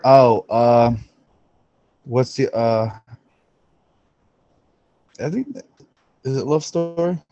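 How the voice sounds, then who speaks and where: A man's voice: medium pitch, takes it slowly, long pauses, dark tone, dry recording, dull audio. A man co-hosting a podcast in casual chat, swearing freely and calling his friend "bro". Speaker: podcast co-host.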